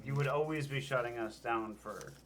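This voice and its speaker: A man's voice: medium pitch, moderate pace, noisy background. A man keeping score in a casual party game, joking and laughing often. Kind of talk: casual chat.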